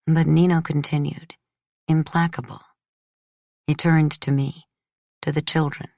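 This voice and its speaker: A woman with a low voice narrates a novel in the first person, measured and introspective. The recording is dry and close, with no room sound. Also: flat delivery, a little mellow, no room sound. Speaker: audiobook narrator.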